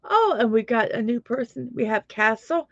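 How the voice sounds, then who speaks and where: A woman's voice: fairly high pitch, lively intonation, normal speed, fairly bright tone, no echo. A woman hosting a casual morning livestream, chatty and self-deprecating, greeting viewers by name as they arrive. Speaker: livestream host. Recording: dry, slightly muffled lo-fi audio.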